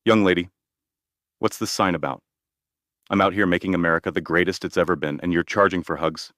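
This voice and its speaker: A man's voice: low-pitched, fairly even intonation, fairly quick, fairly bright tone, dry recording, clean studio sound. A man reading the lines of a blunt, boastful older male president, in a direct manner full of superlatives. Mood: insistent.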